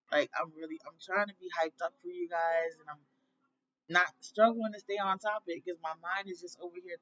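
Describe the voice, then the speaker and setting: A woman's voice: lowish voice, fairly bright tone. Woman coach, casual vlog chat, blunt and profane, addresses viewers; slightly dull lo-fi audio. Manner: blunt and chatty, swears freely, talks straight to viewers. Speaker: parenting life coach.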